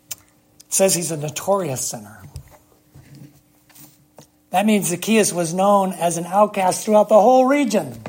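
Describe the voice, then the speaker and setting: A preacher giving a sermon, speaking emphatically with long dramatic pauses and rhetorical questions to the congregation. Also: medium pitch, animated, darkish tone.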